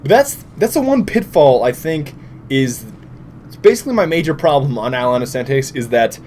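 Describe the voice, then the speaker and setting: A tired young man giving casual, jokey gameplay commentary with sudden loud outbursts. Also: on the high side, big pitch swings, brisk, slight background noise. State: tired, short on sleep. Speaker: gaming commentator.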